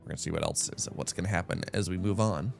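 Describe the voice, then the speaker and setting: A man doing live-streamed esports commentary, animated and chatty with rambling asides. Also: deep voice, fast, vocal fry, soft background music.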